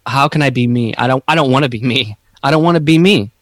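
A man talking slowly and haltingly in a reflective podcast conversation, searching for his words. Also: medium pitch, fairly bright tone, no echo.

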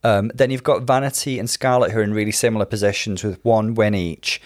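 A man co-hosting a casual chat, analytical and measured, laying out his points in detail. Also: fairly low pitch, fairly even intonation, dry recording, clean studio sound. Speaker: podcast co-host.

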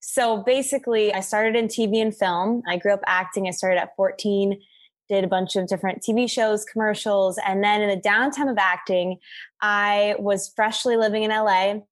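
A woman's voice: medium pitch, steady tone, normal speed. A young woman, a guest on a podcast, telling dating stories in a bubbly, goofy way and laughing often. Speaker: podcast guest, app founder. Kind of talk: casual interview storytelling.

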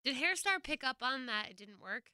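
A woman with a smooth, bright, lively voice drops short remarks into a casual chat. Her voice sits close to the mic in a dry, quiet space. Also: high voice, dry recording. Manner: chimes in with quick comments and laughs. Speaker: podcast co-host.

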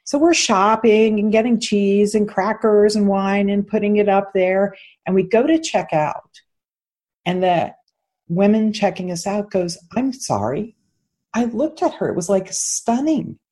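A woman coach, a guest on an interview show, telling a story in an earnest, animated way. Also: mid-range voice, measured pace. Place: Austin.

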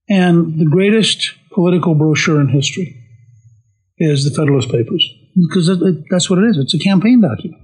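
A man's voice: on the high side, fairly quick, breathy edge, rough recording. A man telling a history story in casual talk, often quoting the historical figures he describes. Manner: animated, quotes historical figures in brief voices. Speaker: speaker on history.

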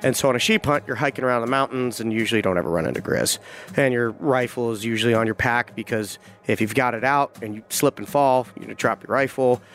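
A man's voice: mid-range voice, a bit bright, faint music behind. Man telling a gripping story. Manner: vivid, halting retelling with frequent restarts. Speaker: hunting guide. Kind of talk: first-person storytelling.

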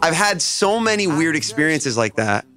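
A man speaking as a musician guest in an interview, telling stories in a loose, rambling, animated way. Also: a little high, moderate pace, soft background music. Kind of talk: casual interview storytelling.

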